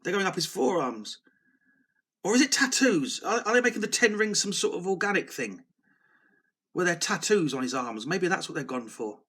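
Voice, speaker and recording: A man's voice: sits high, very animated, normal speed, bright, forceful tone, husky. A man hosting a casual solo video, rambling and self-deprecating as he talks, often restarting his sentences. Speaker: video host.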